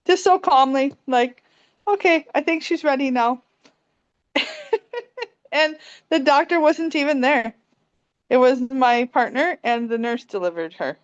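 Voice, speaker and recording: A young woman calmly sharing a personal story on a video call, soft-spoken and quick to laugh. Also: a little high, no echo. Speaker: meditation group participant. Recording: dry, dull lo-fi call audio.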